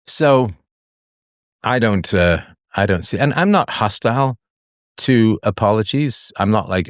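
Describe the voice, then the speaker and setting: A man with a deep voice hosts a live call-in philosophy show. He talks in a reflective, wandering way with a wry edge. His voice sounds dry and close, with no room echo. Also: lively intonation, unhurried.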